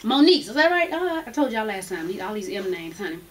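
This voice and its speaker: A woman's voice: mid-range voice, very animated, fast. A young woman recapping reality TV in a brash, profane, gossipy way, laughing often. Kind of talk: casual gossip review.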